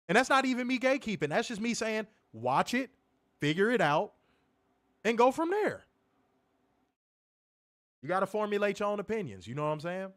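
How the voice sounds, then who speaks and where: A man's voice: sits high, normal speed, pauses often. A man co-hosting a wrestling review show, reading comments and ranting casually with plenty of profanity. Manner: animated, profane, laughing rants.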